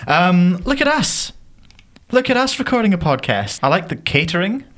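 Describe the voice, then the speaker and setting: A man's voice: sits high, normal speed. A man co-hosting a podcast, chatting casually and joking with his co-hosts. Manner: joking, animated. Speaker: podcast co-host. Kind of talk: casual chat.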